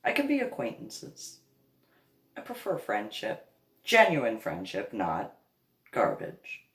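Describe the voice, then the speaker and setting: A woman's voice: very deep voice, huge pitch swings, slow pace. A woman from New Jersey talking casually to her viewers, rambling through stories and often breaking into laughter. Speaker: vlogger, reverend. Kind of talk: casual monologue. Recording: roomy echo.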